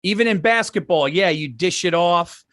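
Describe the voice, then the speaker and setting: A man co-hosting a comedy podcast, telling stories in casual chat, acting out other people's lines in a higher voice and swearing freely. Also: moderate pace, no room sound, clean studio sound. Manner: animated storyteller who acts out quoted voices in a raised pitch.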